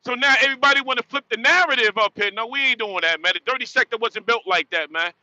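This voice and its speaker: A man's voice: very high-pitched, fast, hardly any pauses, sharp tone, no echo, muffled recording. A man in his late forties from northern New Jersey, ranting emphatically in street slang while livestreaming from his truck cab. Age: 40s. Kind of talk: casual livestream rant.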